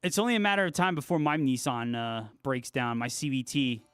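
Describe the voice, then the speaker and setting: A man's voice: mid-range voice, lively intonation, brisk, fairly bright tone, clear, resonant tone, no room sound. A young man hosting a guitar livestream, chatting casually with viewers, laid-back and swearing freely. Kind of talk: casual chat reading viewer comments.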